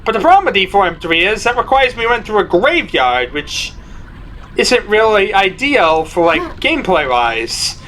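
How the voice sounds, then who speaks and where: A man running loud, jokey gameplay commentary, switching between mumbled planning and mock-panicked shouting. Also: sits high, very animated, normal speed, slight background noise, poor audio. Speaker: gaming video host.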